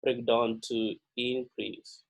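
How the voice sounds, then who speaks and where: Man, chemistry instructor, pre-lab lecture, slow delivery, filler-heavy, repeats key words. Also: medium pitch, flat delivery, poor audio. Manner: slow, halting delivery with many "uh" and "all right" fillers.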